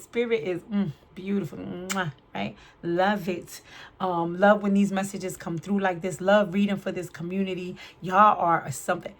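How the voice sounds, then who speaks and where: A woman's voice: mid-range voice, fairly bright tone. A woman giving a casual spiritual card reading to her viewers, chatty, often tagging her sentences with "right?". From New York City. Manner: chatty, keeps asking "right?". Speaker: tarot reader.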